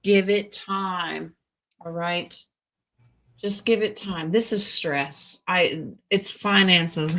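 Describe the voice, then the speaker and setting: A woman's voice: fairly low pitch, takes it slowly, fairly bright tone. A woman, a tarot reader co-hosting a casual group chat who gives blunt, joking advice and laughs often.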